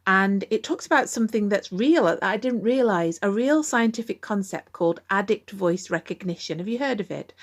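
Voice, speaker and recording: A middle-aged woman with a candid, conversational manner, talking to listeners as the host of a recovery podcast. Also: medium pitch. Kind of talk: podcast monologue.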